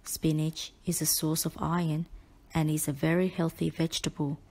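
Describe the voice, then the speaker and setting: A woman tutor reading a spelling list aloud, with definitions and example sentences, in a measured and carefully enunciated way. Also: low-pitched, little pitch movement, dark tone. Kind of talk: slow spelling-list dictation.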